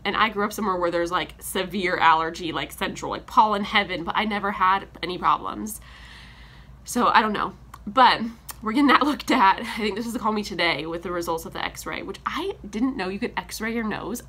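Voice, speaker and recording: A woman's voice: medium pitch, sharp tone. A young woman vlogger chatting casually while making breakfast in her kitchen, rambling with lots of "like" and small laughs, congested from a sinus infection and a little out of breath. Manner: chatty, rambling, heavy use of "like", frequent laughs. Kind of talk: casual chat while cooking. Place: home kitchen.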